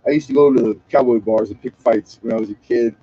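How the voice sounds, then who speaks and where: A man's voice: medium pitch, fast talker, dark tone, slightly rough, no echo, lo-fi sound. A man from Southern California rambling and joking with profanity in a casual late-night livestream chat. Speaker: livestream host.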